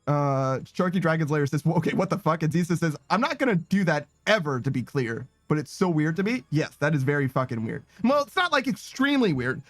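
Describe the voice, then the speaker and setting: A young man with a high, bouncy voice talks casually to his stream audience, reacting loudly and swearing freely. He is close to the mic with no room sound, and soft music plays behind him. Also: brisk, no room sound. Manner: animated, swearing, breaks into laughter. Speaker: streamer reading chat. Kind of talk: casual live-stream chat.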